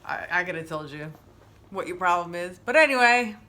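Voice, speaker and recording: A woman's voice: lowish voice, expressive, moderate pace, bright, forceful tone. A middle-aged woman hosting a wellness stream in casual chat, rambling and openly emotional as she talks.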